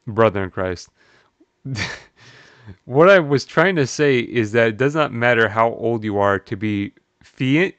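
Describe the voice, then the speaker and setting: Animated man reacting in disbelief. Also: clean tone, no echo, dull audio. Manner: animated, incredulous, swears, laughs often, jumps up in pitch. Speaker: streamer. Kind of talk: live stream commentary, reading posts aloud.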